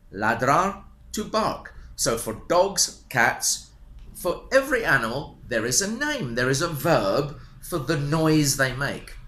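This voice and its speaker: Lively, slow-talking male English teacher. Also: a little high. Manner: slow, repetitive teaching, animated intonation. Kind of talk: beginner language lesson. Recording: roomy echo.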